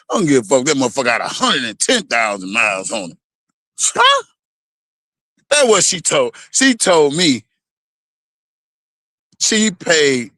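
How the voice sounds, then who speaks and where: Man going off in a heated rant, aave, bright tense voice, kinda high, dry sound. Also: no echo. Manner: animated, profane, repetitive preaching tone. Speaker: vlogger.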